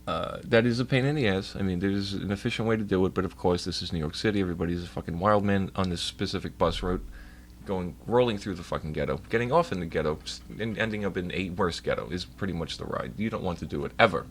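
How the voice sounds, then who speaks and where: A young man streams live from his computer at home, telling his chat a long, profane story full of complaints in a casual, rambling rant. He speaks fast in a low voice, and there's slight background noise.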